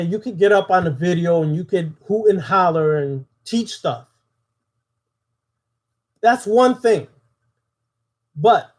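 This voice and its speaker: High-voiced man teaching occult lore. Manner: preachy, asks the audience questions. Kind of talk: spoken lesson to a live audience.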